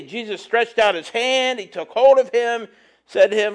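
A man preaching a conversational sermon, reading scripture and adding relaxed, chatty asides. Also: very high-pitched, normal speed.

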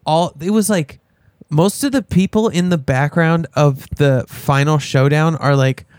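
A man rambles through a casual podcast chat, stacking up fillers. His voice sits a bit high, recorded dry and close. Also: unhurried, a little mellow, clear, resonant tone, no echo. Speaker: podcast co-host.

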